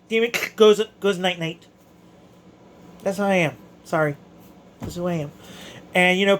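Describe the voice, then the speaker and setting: A man, an amateur boxer, excitedly recounting his fight in a casual, emotional way with stumbling restarts. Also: high-pitched. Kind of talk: casual storytelling to camera.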